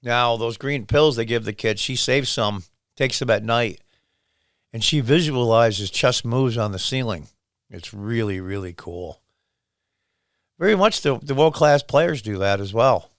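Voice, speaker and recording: A man's voice: medium pitch, expressive, unhurried, no echo, clean studio sound. A man hosting his own channel, casually retelling a series scene by scene with quoted lines. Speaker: show host.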